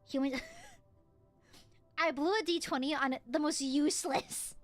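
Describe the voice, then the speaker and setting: A woman streaming a game, reading the text aloud in an animated, casual way and swearing now and then. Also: high-pitched, a little slow, pauses often, soft background music.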